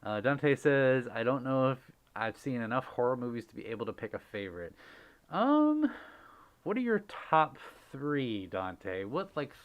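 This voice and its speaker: Giggly, excitable male streamer. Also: medium pitch, measured pace, lo-fi sound. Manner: gushing, giggly, excitable, often thanking viewers. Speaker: livestream host. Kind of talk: casual livestream chat, reading viewer messages.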